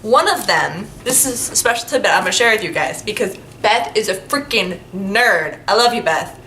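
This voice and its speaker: Female book vlogger, bright tone, chatty and effusive, casual delivery. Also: medium pitch, expressive, normal speed, a little hiss or hum. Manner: gushing, chatty, lots of "like" fillers. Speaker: book reviewer. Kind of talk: casual vlog chat.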